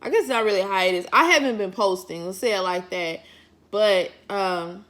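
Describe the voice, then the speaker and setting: A woman's voice: medium pitch, moderate pace, a bit bright. A woman chatting casually to camera as a vlogger, folksy and encouraging, drifting off topic. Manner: encouraging, pep-talk delivery.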